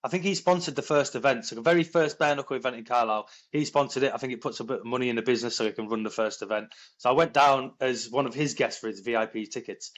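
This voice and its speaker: A man in his thirties, a former paratrooper, telling a story as a podcast guest in lively, quick bursts, acting out what people said. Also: mid-range voice. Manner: animated, quick storytelling with acted-out quotes. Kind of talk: conversational storytelling.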